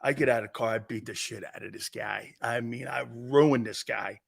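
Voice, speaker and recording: A man's voice: medium pitch, moderate pace, creaky, breathy edge. A man hosting a sports talk show, telling stories in a boisterous, casual way, laughing often and swearing freely. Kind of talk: casual chat and storytelling.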